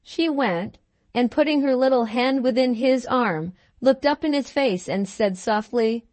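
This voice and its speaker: A woman reading a classic novel aloud as an audiobook narrator, in an even, measured manner. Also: a little high, no room sound. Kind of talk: scripted narration.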